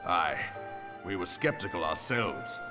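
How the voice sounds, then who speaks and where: Casting: a solemn elder loremaster for a fantasy game, very low voice, archaic measured speech, game score underneath. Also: male voice, very animated, music in the background. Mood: grave. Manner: formal archaic phrasing, measured delivery. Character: grave, learned male elder explaining ancient weapons. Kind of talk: video game cutscene voice acting.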